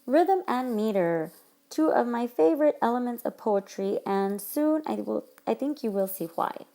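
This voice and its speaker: A woman teacher narrating a recorded lesson, explaining things clearly to her students. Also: on the high side, animated, moderate pace, warm tone. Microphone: tablet microphone.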